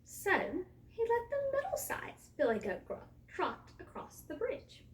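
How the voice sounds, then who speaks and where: Woman storyteller reading a kids' tale, lively, high voice, echoey room. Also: slow pace, distant mic. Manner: lively, expressive. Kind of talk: reading a children's story aloud.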